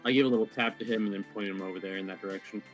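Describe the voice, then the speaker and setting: An easygoing man playing a tabletop game, describing what his character does. His voice is fairly low. Soft music plays underneath. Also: steady tone, racing. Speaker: player. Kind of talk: casual tabletop play.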